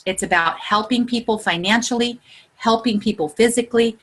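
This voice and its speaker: Excitable high-voiced woman leading a call. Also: moderate pace, a little hiss or hum. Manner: earnest and encouraging, building to heartfelt pep talk. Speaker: group leader. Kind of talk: motivational video-call coaching session. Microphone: video call.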